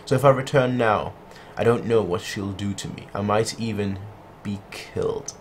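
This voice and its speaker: A man voicing a lonely, desperate sixteen-year-old girl while reading manga dialogue aloud in his own low voice. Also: moderate pace, slight background noise, natural voice. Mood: pleading.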